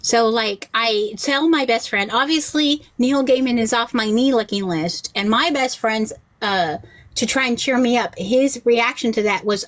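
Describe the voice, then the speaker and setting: A woman chatting casually on a podcast, an animated storyteller who acts out the voices she quotes and swears freely. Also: a little high, a little slow. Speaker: rabbi and podcast guest.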